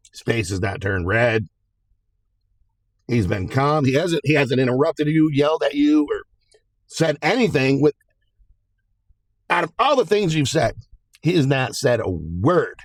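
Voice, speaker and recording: A man's voice: mid-range voice, no echo, pitched above the performer's own voice. A man telling a story while putting on the voice of a stern, no-nonsense woman judge who scolds firmly and emphatically.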